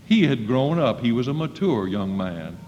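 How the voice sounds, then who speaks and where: Folksy preacher in an echoing hall. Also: male voice, mid-range voice, big pitch swings, moderate pace, a little hiss or hum. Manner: folksy, acts out quoted voices, rising to loud emphasis. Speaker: preacher at a school chapel. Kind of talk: sermon. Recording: dull old recording in a reverberant hall.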